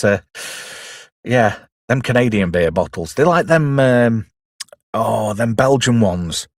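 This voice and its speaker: A man's voice: mid-range voice, no echo, clean studio sound. A middle-aged man, giving jokey, casual commentary on a film and reading out chat messages. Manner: chatty, jokey, quotes characters in put-on voices. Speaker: host.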